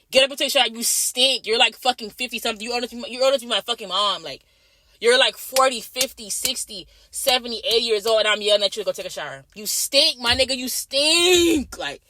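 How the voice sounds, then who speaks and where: Fast, bright-voiced young nurse ranting. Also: female voice, fairly high pitch, no room sound. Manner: blunt, repetitive, heavy swearing. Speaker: night-shift nurse. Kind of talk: profane ranting vlog.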